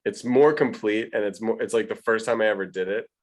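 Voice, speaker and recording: A man's voice: lowish voice, fairly quick. A man, an art teacher, chatting casually with his class, hesitant, with many restarts.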